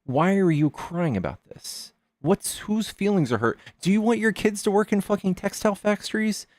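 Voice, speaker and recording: A man's voice: sits high, animated, moderate pace, a little mellow, no room sound. A man hosting a live debate stream, arguing hard, swearing and firing off rhetorical questions. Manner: argumentative, profane, fires rhetorical questions.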